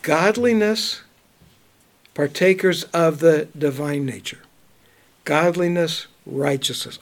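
Gravelly, high-voiced man teaching scripture. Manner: reads scripture slowly, then comments conversationally with chuckles. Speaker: preacher. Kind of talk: bible teaching.

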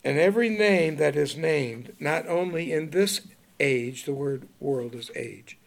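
A man with a fairly high, expressive, creaky voice teaches the Bible to a small group at a measured pace. His style is informal and conversational: he reads King James verses aloud, asks the listeners questions, and laughs often.

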